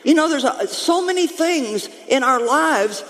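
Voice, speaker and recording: A woman pastor preaching a lively, humorous sermon to her congregation, calling out to them as she goes. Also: sits high, unhurried, in a large hall. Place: church sanctuary.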